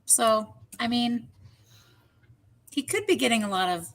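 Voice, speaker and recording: A woman's voice: a little high, sing-song, unhurried, fairly bright tone, slight background noise. A woman guest on a live podcast, musing with jokes. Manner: jokey, musing. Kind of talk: casual chat on a live podcast.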